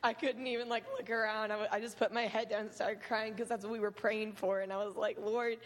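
A hoarse, worn-voiced teenage camp counselor giving an earnest, emotional testimony at church, laughing often. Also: female voice, mid-range voice, level tone, fast talker, a little hiss or hum. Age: late teens. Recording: long hall reverb.

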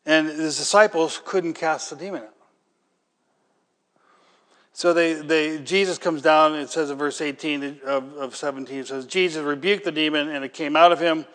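High-voiced preacher in a reverberant hall. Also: male voice, fairly even intonation, normal speed, fairly bright tone. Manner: conversational preaching, rhetorical questions, builds to emphatic peaks. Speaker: pastor. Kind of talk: sermon.

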